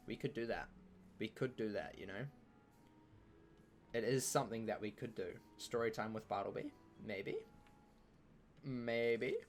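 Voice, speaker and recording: Playful man streaming a game, music behind. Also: mid-range voice. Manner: playful, chatty, mock trash talk at enemies. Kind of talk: live gameplay commentary.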